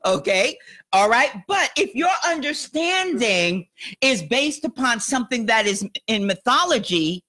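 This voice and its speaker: A woman's voice: a little high, animated, unhurried, pushed and bright, a little hiss or hum. A woman pastor giving a conversational sermon to a small room, often checking that listeners follow and laughing along the way. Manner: conversational, asks "you understand what I'm saying?", laughs often. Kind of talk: sermon teaching. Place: church or teaching room with a small audience.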